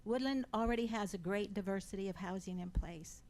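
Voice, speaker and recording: A woman making a deliberate, pointed public comment at a council meeting. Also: medium pitch, a little mellow, rough recording.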